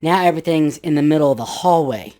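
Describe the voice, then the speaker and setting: A man's voice: fairly high pitch, quick pace, warm tone. A man in his fifties casually telling a ghost story from his youth, rambling with restarts and acting out his friends' voices.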